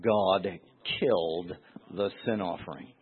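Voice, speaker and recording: A man's voice: deep voice, slow, husky. Emphatic male Bible teacher, tinny sound. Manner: emphatic, repeats words, acts out quoted voices. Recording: tinny phone-like recording.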